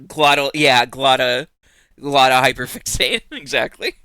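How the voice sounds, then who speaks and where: A man's voice: mid-range voice, sing-song, a little slow, bright, forceful tone, smooth, no echo. A young man streaming live, chatting casually with his viewers, teasing them, swearing freely and laughing often.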